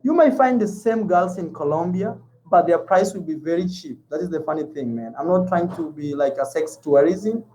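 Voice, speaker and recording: A Kenyan man with a Kenyan accent chats casually with his viewers as a travel vlogger, often repeating himself and calling them "man." His voice is a little high, animated and warm, moving at a moderate pace with hardly any pauses. The low-quality recording carries slight background noise.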